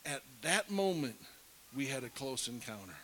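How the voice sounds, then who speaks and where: Medium-pitched, sing-song, and slightly bright, a middle-aged preacher tells a sermon story at normal speed. His delivery is animated, falling to a whisper when he acts out scenes, on a rough recording with faint hiss.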